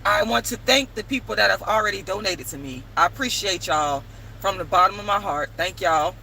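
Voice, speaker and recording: A woman telling a story to camera in a casual vlog, animated and emphatic, swearing freely. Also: medium pitch, brisk, gravelly, slight background noise, rough recording. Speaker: vlogger and playwright.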